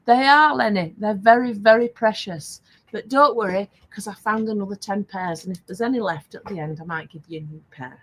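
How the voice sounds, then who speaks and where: A woman's voice: mid-range voice, fairly quick, fairly bright tone, poor audio. An older woman hosting a casual live stream, chatty and laughing often as she reads out viewer comments. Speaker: live stream host selling craft supplies.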